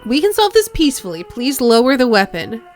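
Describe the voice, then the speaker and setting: A woman's voice: a little high, very animated, brisk, a little hiss or hum, pitched above the performer's own voice. A woman reading the lines of a male detective in a video game, earnest and pleading. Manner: pleading, reasonable. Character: rumpled male detective, the player character.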